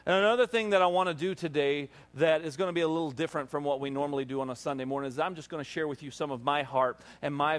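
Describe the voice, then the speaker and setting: A male pastor delivering a Sunday sermon, moving from relaxed, conversational asides with fillers to fervent preaching that calls on the congregation to answer. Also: on the high side. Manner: preaching with rising intensity, calls for audience response.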